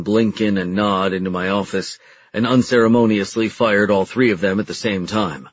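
A man with a low, slightly husky voice reads a novel aloud at an even, low-key pace. The recording is dry and somewhat muffled, with little room sound. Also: no room sound. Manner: steady, low-key reading with quieter, lower-pitched dialogue voices. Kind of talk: audiobook narration.

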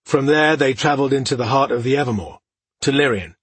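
A man reading fantasy narration for an audiobook, in an even, steady way. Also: mid-range voice, fast talker, slightly rough, no echo.

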